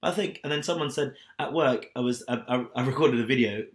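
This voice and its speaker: A man co-hosting a podcast in casual chat, talking quickly and laughing often. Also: mid-range voice. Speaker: podcast co-host.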